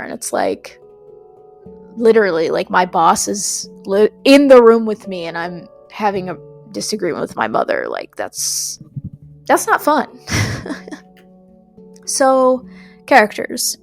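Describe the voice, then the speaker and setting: A woman's voice: mid-range voice, very animated, unhurried, vocal fry, pauses often, soft background music. A woman reviewing a video game in a casual, rambling way, full of fillers and restarts.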